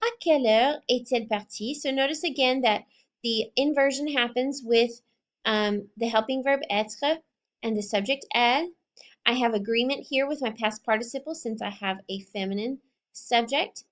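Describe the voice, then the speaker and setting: High-voiced woman teaching a French lesson. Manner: clear, careful teacherly delivery, repeating example sentences slowly. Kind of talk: recorded classroom lesson.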